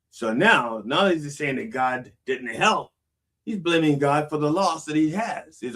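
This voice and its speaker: In a casual sermon, a pastor reads song lyrics aloud and then explains them, conversationally checking "okay?" again and again. His medium-pitched voice is animated, a bit bright, and a little slow. The mic is far away.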